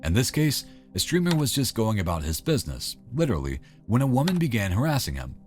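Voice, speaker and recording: A man's voice: medium pitch, very animated, quick pace, music in the background. A man giving wry, conversational scripted narration.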